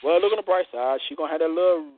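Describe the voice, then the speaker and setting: A man's voice: fairly high pitch, racing. A man hosting a casual radio talk show, joking bawdily and acting out other people's voices. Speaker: show host. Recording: tinny phone-line sound, dry.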